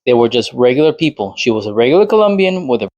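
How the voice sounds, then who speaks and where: A man's voice: mid-range voice, very animated, fast talker, dull audio, noisy background. Exasperated man ranting to camera. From Latin America. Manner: exasperated, piles up rhetorical questions. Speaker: channel host responding to another creator. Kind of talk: casual rant to camera.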